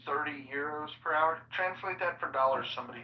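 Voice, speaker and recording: A man's voice: a little high, quick pace. A man hosts a casual online chat, pressing his guests with skeptical, probing questions. His voice sounds distant and roomy, carried over a dull line with a faint hiss.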